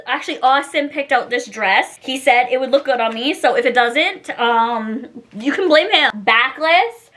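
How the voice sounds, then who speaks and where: A woman's voice: high-pitched, expressive, unhurried, few pauses, fairly bright tone. A young woman in her twenties chatting casually through a clothing try-on haul, bubbly and giggly, rambling with lots of "like" and "um". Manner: bubbly, giggly, rambling with many likes and ums. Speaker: fashion vlogger.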